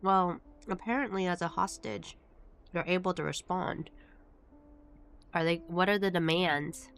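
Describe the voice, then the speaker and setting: Chatty woman streamer with a lowish voice. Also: fairly even intonation, measured pace, gravelly, clear, resonant tone. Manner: chatty, talks to viewers, reads game text aloud. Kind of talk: casual live-stream chat while gaming.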